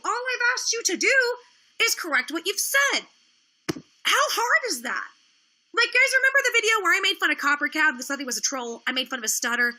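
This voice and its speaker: Indignant high-voiced woman ranting. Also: pushed and bright. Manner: indignant, profane, sarcastic. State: tired, low energy. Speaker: livestream host. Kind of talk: ranting livestream talk.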